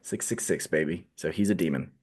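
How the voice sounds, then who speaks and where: A man's voice: extremely low pitch, brisk, darkish tone, husky. A man co-hosting a podcast, chatting casually and joking with frequent laughs. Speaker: podcast co-host. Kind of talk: casual chat.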